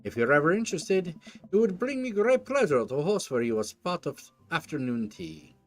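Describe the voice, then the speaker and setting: A pompous gothic gentleman speaks with an exaggerated, old-fashioned fancy accent, as a man puts him on for a game. Every phrase is grand and overly formal, and the voice rises and falls a lot. Faint music plays behind him. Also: high-pitched, big pitch swings, drawn-out words, gravelly, breathy edge, voice pushed up, heavily acted. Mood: grandly polite.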